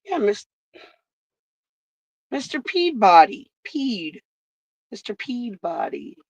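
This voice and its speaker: A woman hosting a casual trivia stream, reading questions slowly and swearing freely between them. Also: on the high side, sing-song, dry recording. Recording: dull lo-fi stream audio.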